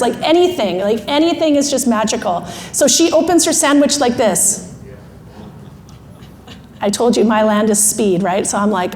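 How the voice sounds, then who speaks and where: High-voiced woman telling a lively story on stage. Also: normal speed, slight background noise. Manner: lively, self-deprecating, laughs often. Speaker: keynote speaker. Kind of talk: animated storytelling talk. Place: large expo hall. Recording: echoey hall with faint ambience.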